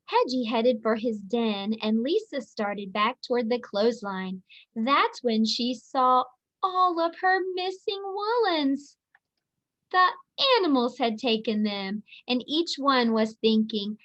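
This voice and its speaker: A woman teacher reads a children's picture book aloud in a slow, clear, expressive way. Her voice sits fairly high. The recording sounds dull and lo-fi. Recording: dull lo-fi audio.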